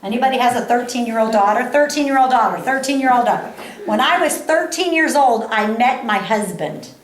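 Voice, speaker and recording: A woman giving a live motivational talk to an audience, animated, laughing often and repeating phrases for emphasis. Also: fairly high pitch, fairly quick. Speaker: motivational speaker. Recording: echoey hall.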